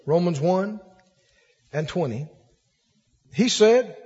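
A man's voice: high-pitched, big pitch swings, normal speed, husky, highs cut off. A man preaching a sermon to a congregation, fervent and repetitive, building emphasis, recorded in a hall.

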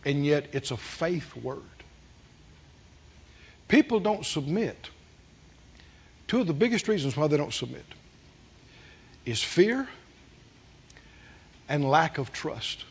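A man preaching a sermon, calling on the congregation to answer, dropping to near whispers and rising to loud peaks. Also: fairly high pitch, very animated, slow pace, long pauses, breathy edge, highs cut off. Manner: call-and-response preaching, swinging from hushed to loud. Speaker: pastor.

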